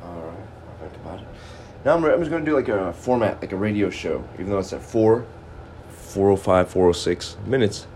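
A man's voice: on the low side, animated, brisk, darkish tone. A man hosting his own podcast, rambling in a goofy, self-mocking solo monologue over a noisy background. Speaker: podcast host.

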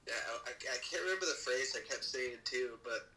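A man's voice: medium pitch, a little fast, sharp tone, slight background noise, rough recording. A man chatting casually on a podcast, telling stories and slipping into jokey mock voices. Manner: jokey, breaks into mock country-bumpkin voices. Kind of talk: casual chat.

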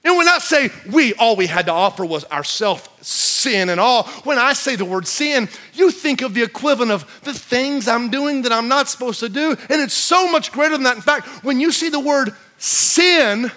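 A man preaching a sermon, shouting repeated refrains, then dropping to a low hush to read scripture in old biblical wording. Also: animated, normal speed, hardly any pauses.

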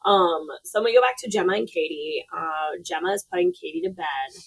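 A woman's voice: mid-range voice, big pitch swings, normal speed, gravelly, slightly rough, low-quality recording. A woman co-hosting a podcast, recounting a film plot in a loose, profane manner with many fillers. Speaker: podcast co-host. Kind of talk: casual movie recap.

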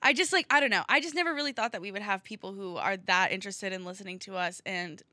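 Bright, effusive young woman podcast host. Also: medium pitch, quick pace, dry recording, studio quality. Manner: earnest, effusive, heavy use of "like". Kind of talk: casual podcast chat.

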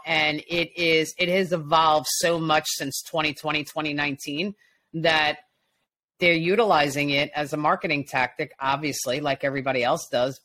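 A woman from Long Island co-hosting a casual talk show, telling stories in a lively way and acting out what people said. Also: sits low. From Long Island, New York. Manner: animated storyteller, acts out quotes. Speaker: podcast co-host. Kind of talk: casual chat.

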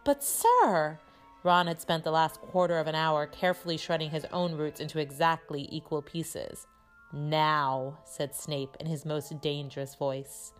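A woman teacher reading a chapter book aloud in a steady, measured way. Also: low-pitched, soft background music.

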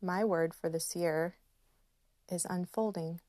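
A woman in her thirties hosting a podcast, speaking in a slow, gentle and emotional personal reflection with soft laughs. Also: lowish voice, fairly even intonation, dry recording, studio quality. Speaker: podcast host.

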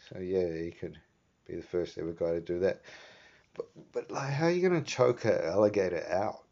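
A man's voice: sits low, moderate pace, gravelly, warm tone. A man with a New Zealand accent hosting a vlog, rambling in a laid-back, casual way and swearing offhandedly. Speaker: vlog host. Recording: dull lo-fi sound.

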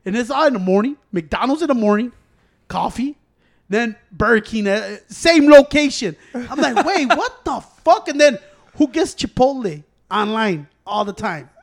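A man's voice: very high-pitched, lively intonation, moderate pace, vocal fry. A man in casual chat, telling a profane story and acting out what he and others said. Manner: profane storytelling, acts out own quotes.

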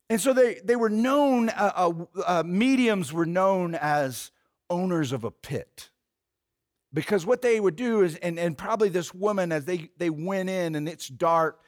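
A man preaching a sermon, retelling a story with animated, conversational energy. His voice sits noticeably high, and he uses casual fillers as he goes.

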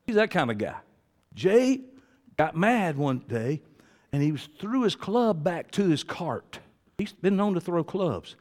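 An older preacher tells stories from the pulpit, dropping to quiet asides and then rising to loud shouts. His voice sits a little high for a man. It carries a long reverb, as if recorded in a big church hall. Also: sing-song, measured pace. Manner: storytelling, swings from low asides to loud shouting. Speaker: pastor. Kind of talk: sermon.

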